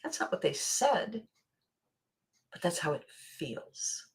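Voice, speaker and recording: A woman hosting a motivational monologue, acting out little scenes and dropping to a soft near-whisper for emphasis. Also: fairly low pitch, big pitch swings, slow. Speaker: podcast host.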